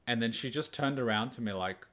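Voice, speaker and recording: Young man, casual storytelling, profane, rambling, mid-pitched voice. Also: brisk, a bit bright. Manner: rambling, profane, laughs a lot, acts out voices. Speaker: anime reaction channel host.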